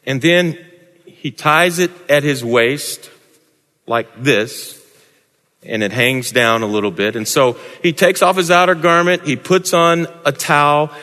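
A man's voice: on the high side, bright, forceful tone. A man preaching a sermon dramatically, with wide swings in tone and emphasis. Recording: echoey hall.

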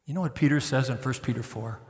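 Impassioned preacher in a reverberant church. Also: male voice, mid-range voice, quick pace. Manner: swings from loud pleading to hushed, tender near-whisper. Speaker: guest preacher. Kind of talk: sermon. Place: church sanctuary. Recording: long hall reverb.

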